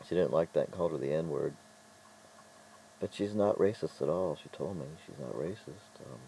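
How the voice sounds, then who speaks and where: A middle-aged man telling stories in a casual vlog monologue, rambling and halting with frequent restarts. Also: rumbling low, gravelly, warm tone, breathy edge, poor audio. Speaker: vlogger.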